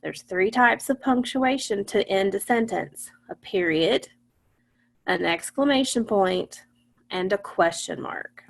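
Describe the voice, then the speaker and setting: A woman's voice: medium pitch, slow pace, vocal fry. A woman teaching an online phonics lesson, patiently asking her class questions and then answering them herself.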